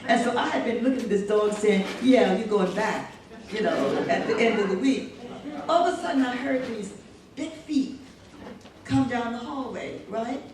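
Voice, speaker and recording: An older woman recounts her memories with lively energy and frequent laughter, her fairly high voice carrying through a reverberant hall. She sounds distant from the microphone, with faint room noise underneath. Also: normal speed, crowd noise. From United States. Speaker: poet being interviewed. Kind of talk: animated storytelling. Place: museum hall. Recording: echoey hall, distant mic.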